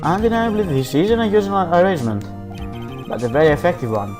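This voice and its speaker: A man playing a cool, formal prosecutor with a measured delivery and a lively pitch line. Game music sits underneath. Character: cool, composed male prosecutor. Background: background game music.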